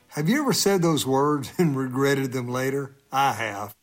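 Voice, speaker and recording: A man's voice: medium pitch, lively intonation, moderate pace, soft background music. A male humorist telling a funny personal story for a radio feature, chuckling as he talks.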